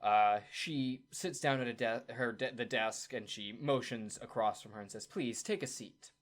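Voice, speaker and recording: An upbeat, chatty man running a tabletop game as game master, talking loosely with plenty of fillers. His voice sits at an ordinary middle pitch. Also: steady tone, normal speed.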